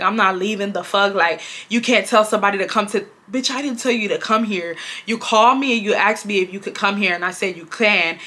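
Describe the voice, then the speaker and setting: A young woman, telling a casual personal story to her viewers and acting out her own lines. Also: medium pitch. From Houston, Texas. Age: 20s. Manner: animated, acts out her own lines with swearing and laughs. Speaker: storytime vlogger.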